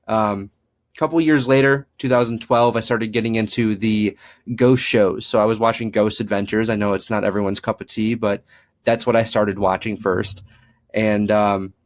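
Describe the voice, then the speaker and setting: Young man telling rambling ghost stories. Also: on the low side. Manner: rambling, frequent fillers, acts out quoted dialogue. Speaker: paranormal investigator guest. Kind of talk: casual storytelling interview.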